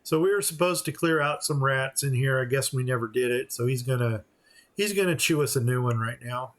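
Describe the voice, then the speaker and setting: A man's voice: medium pitch, fairly quick, a bit bright. A man giving casual let's-play commentary, explaining each step as he plays and now and then mock-voicing the characters. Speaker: gameplay commentator.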